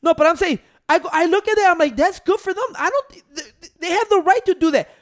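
A man's voice: very high-pitched, fast. A man co-hosting a casual chat, ranting and opinionated, swearing and restarting his sentences. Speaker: podcast co-host.

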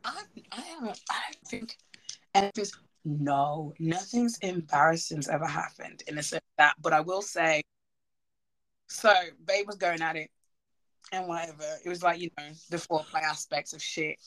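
A woman's voice: sits low, moderate pace, a bit bright. A woman hosting a podcast, telling candid stories in casual chat and laughing often. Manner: giggly, candid storytelling. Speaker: podcast host.

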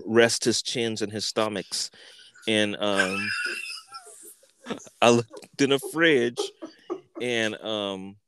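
A man hosting a podcast, telling a story in an animated, profane way, repeating words and acting out what people said. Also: lowish voice, background noise. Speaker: podcast host. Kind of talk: casual storytelling.

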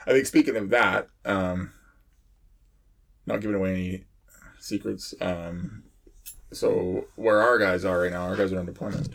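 A man who works as a firefighter, telling fire stories in a rambling, halting way with lots of pauses and laughs. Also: low-pitched, fairly even intonation, gravelly, a bit bright. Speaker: firefighter, podcast co-host. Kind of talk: casual chat.

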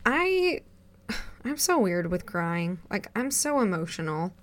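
A woman's voice: mid-range voice, sing-song, slow pace. A woman co-hosting a podcast in casual chat, chatty and emotional, laughing often. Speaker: podcast co-host.

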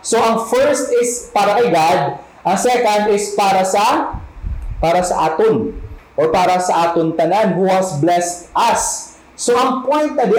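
A man's voice: sits high, a little mellow. A man with a Filipino accent teaching a sermon on a Bible passage, explaining words one by one and answering his own questions. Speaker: preacher. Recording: echoey room.

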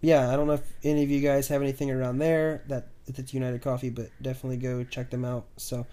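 A man's voice: mid-range voice, fast. A man hosting a podcast at home, chatting casually with lots of fillers and trailing "so"s. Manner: relaxed, rambling with many fillers. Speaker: podcast host. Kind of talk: casual chat. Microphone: new budget desk microphone.

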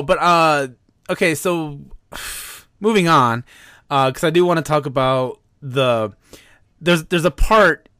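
Man, higher voice, podcast co-host, casual film talk, laughs often, short agreeing replies, dry sound. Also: pushed and bright, no room sound. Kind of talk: casual movie discussion.

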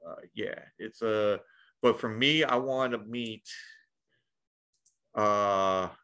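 A man's voice: lowish voice, takes it slowly, sharp tone, smooth. A man chatting casually on a podcast, rambling with lots of restarts and the odd swear. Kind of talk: casual chat.

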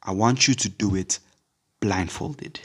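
Guy quoting a pushy football coach, deep low voice, talks fast. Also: breathy edge. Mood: insistent. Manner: insistent, repeating demands. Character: firm male football coach pushing a player.

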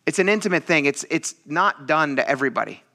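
Guy preaching a sunday sermon, bright voice, loose and jokey, acts out the quotes. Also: a little high, lively intonation, quick pace. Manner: casual, joking preaching with acted quotes. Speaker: pastor.

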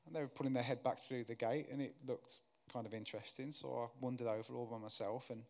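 A man, a guest preacher telling a story in his sermon, getting louder and higher as the tension builds and softer when he prays. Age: 30s. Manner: animated storyteller, grows loud and high when excited, softer and slower in prayer.

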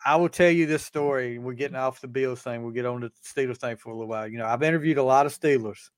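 A man's voice: mid-range voice, quick pace, smooth, dry recording, studio quality. A man hosting a sports podcast, chatting casually and animatedly as he tells stories and acts out quoted dialogue. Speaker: podcast host.

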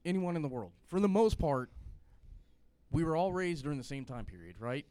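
A man's voice: fairly high pitch, big pitch swings, brisk, mellow, clear, resonant tone, no echo. A man from Louisiana, hosting a casual podcast, opinionated and rambling.

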